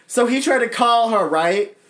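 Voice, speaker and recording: Sassy guy cohost, voice swoops all over, swears and snaps back quick. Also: very high-pitched, animated, fairly bright tone. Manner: sassy, profane, quick comebacks. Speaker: podcast co-host. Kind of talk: casual chat.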